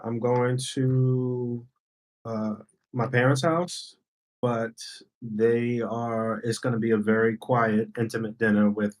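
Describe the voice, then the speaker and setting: A man co-hosting a podcast, calmly laying out his plans in relaxed casual chat. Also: medium pitch, slow pace, poor audio. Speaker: podcast co-host.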